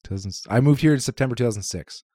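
A man's voice: mid-range voice, racing, mellow, no room sound, studio quality. A man, co-hosting a casual podcast chat in a laid-back, blunt way with casual swearing. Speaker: podcast co-host.

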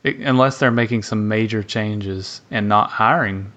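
A man's voice: lowish voice, unhurried, fairly bright tone. A man from Tennessee, co-hosting a podcast in casual chat, rambling with lots of fillers. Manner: rambling, hesitant with many fillers. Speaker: podcast co-host.

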